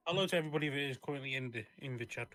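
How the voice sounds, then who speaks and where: A man's voice: medium pitch, very fast, pushed and bright. A man chatting casually and reassuringly with a friend during a game stream. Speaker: co-op guest player. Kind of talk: casual gaming stream chat.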